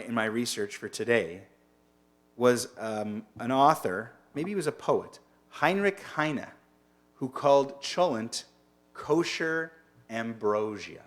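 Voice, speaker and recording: A man with a mid-range voice leads an informal online lunch-and-learn as a rabbi. He wanders off on tangents while chatting and often asks his audience questions.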